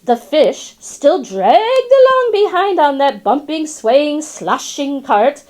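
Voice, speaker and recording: A woman's voice: high-pitched, sing-song, slow, darkish tone, heavily acted. A woman voicing a chatty, wry female classroom parrot in storybook narration, slipping into rhymes and Spanish words. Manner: rhyming, sly asides, tosses in Spanish words.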